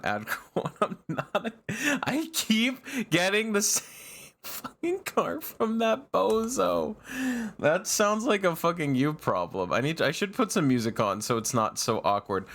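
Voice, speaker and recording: On a live stream, a man talks casually, meandering through fillers and laughs while often breaking into shrill, high-pitched objections. His pitch swings wildly, yet he speaks unhurriedly with a somewhat bright voice.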